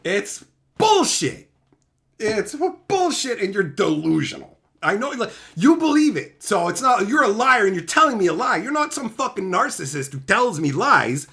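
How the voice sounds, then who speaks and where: A man from Canada hosting a livestream, ranting at viewers with heavy swearing, sarcasm and shouted outbursts. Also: sits high, sing-song, moderate pace. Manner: mocking, sarcastic. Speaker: livestream host.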